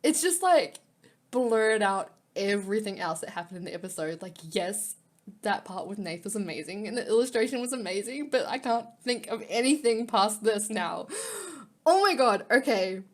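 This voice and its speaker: A woman's voice: mid-range voice, lively intonation, normal speed. A woman reading a visual novel game aloud, reacting emotionally with gasps and near tears. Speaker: gaming YouTuber.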